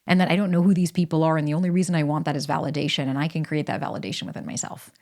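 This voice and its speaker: Animated woman podcast host, emphatic. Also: deep voice, rapid-fire. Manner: emphatic, animated, casual swearing. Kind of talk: solo podcast monologue with ad read.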